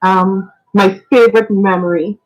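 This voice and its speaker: A woman's voice: medium pitch, fairly even intonation, unhurried, poor audio. A woman, a radio guest sharing heartfelt, faith-filled memories in an earnest, reflective way. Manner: earnest, reflective, sometimes laughing; faith-filled, preacher-like phrasing. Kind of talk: spoken radio tribute.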